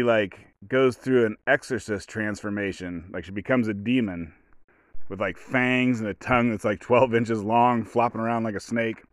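A man's voice: on the low side, fairly bright tone, no echo, clean studio sound. A man hosting a casual solo podcast, rambling as he retells movie scenes and acts out the quotes. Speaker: podcast host.

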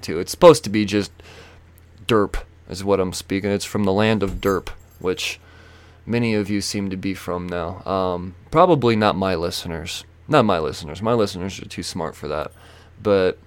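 A young man with a low voice hosts his podcast in a swearing comedic rant. He tells the story with energy and shouts out the lines he quotes. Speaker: podcast host.

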